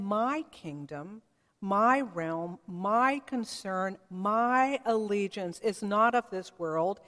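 A woman preaching a sermon in a reflective way, often acting out the voices she quotes. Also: a little high. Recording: long reverb of a large hall.

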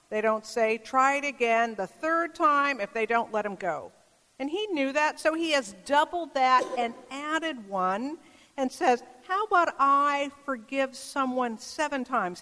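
A woman preacher giving a sermon, telling a story in a gentle, measured way. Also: high voice. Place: church. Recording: long reverb of a church hall.

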